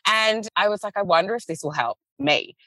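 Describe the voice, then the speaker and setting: A woman's voice: medium pitch, a little fast, dry recording. A woman in her thirties telling a story as a guest, acting out quotes with a laugh. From Australia. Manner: animated storyteller, acts out quotes, laughs often. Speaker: small business founder, podcast guest. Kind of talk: casual chat.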